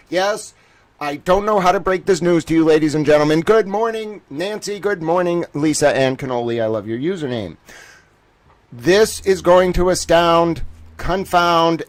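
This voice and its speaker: A man hosting a live stream, greeting viewers and speaking in a grandiose, theatrical way. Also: fairly high pitch. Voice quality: theatrical and grandiose, addresses "ladies and gentlemen". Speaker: livestream host.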